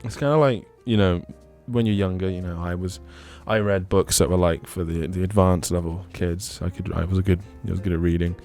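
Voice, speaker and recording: A man's voice: sits low, steady tone, a little fast, hardly any pauses, darkish tone, soft background music. A man co-hosting a casual podcast chat, teasing his friends and laughing often. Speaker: podcast co-host.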